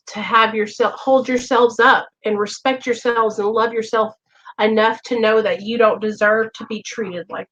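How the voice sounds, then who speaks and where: A woman's voice: medium pitch, fairly bright tone. A woman hosting a recovery livestream, talking earnestly and emotionally straight to her viewers. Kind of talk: heartfelt direct-to-camera talk. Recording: dull lo-fi recording.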